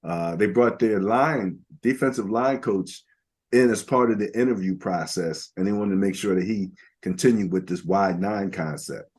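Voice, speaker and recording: A man's voice: on the low side, moderate pace, a little mellow, breathy edge. An older man co-hosting a casual football podcast, rambling through stats with lots of fillers. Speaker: podcast co-host. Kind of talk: casual sports talk.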